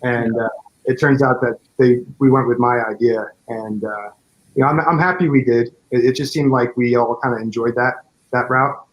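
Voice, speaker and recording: A man's voice: medium pitch, fairly even intonation, normal speed, dull audio. Rambling man talking about his film. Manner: rambling, many fillers and restarts. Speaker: fan film director. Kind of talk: casual interview chat.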